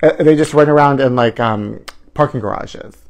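A man's voice: medium pitch, normal speed. A man hosting a live celebrity gossip stream. He talks in a campy, theatrical way, calls viewers honey and trashy, and swoops up into mock outrage.

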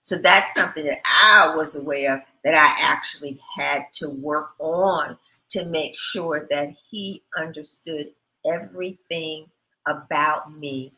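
This is a middle-aged woman co-hosting a relationship talk show, measured and reflective, guiding the talk with questions. Her voice sits fairly low yet sounds bright and clear-edged. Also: poor audio. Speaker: co-host.

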